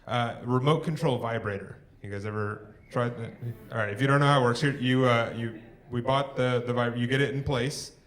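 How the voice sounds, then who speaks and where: A young man doing a live stand-up set on a theatre stage, working the crowd with dry one-liners and pausing for laughs. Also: mid-range voice, steady tone, a bit bright. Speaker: stand-up comedian. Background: crowd laughing and clapping.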